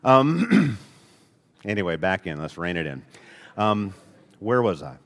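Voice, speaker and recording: A man's voice: lowish voice, very animated, takes it slowly, pauses often, fairly bright tone, in a large hall. A man with an Alabama accent preaching a sermon in church, earnest and full of rhetorical questions, with folksy asides. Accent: Alabama Southern. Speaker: pastor. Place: church sanctuary.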